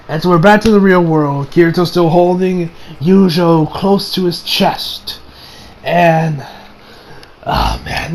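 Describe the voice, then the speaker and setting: A young man casually reviewing an anime episode, excitable, cursing a lot and restarting his sentences. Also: fairly high pitch, a little hiss or hum. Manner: excitable, swears often, many fillers and restarts.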